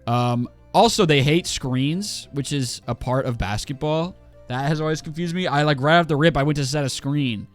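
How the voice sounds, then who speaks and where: A man's voice: fairly high pitch, normal speed, soft background music. A man in his twenties ranting casually on a livestream while he plays a game, swearing a lot and full of fillers and restarts. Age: 20s.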